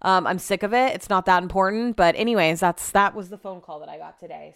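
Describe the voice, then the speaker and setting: Smooth-voiced woman, rambling casual chat. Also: lowish voice, fast, few pauses, no room sound, clean studio sound. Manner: rambling, profane storytelling. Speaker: radio show host.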